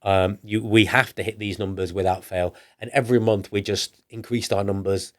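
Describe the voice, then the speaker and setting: A northern English man with a fairly low voice tells his business story in a loose, rambling way. He trips into restarts and repeats himself, then slips into acting out what he and others said, all in a relaxed podcast chat. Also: normal speed. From northern England. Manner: rambling, with restarts and acted-out quoted dialogue. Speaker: entrepreneur guest. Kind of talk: casual storytelling in a podcast interview.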